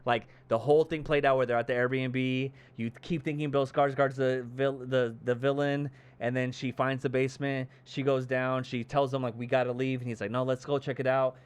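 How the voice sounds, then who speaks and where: Retelling a film's plot on a podcast he co-hosts, this man speaks smoothly at a moderate pace with few pauses, his voice mid-range. He performs the characters' lines with animation and plenty of swearing.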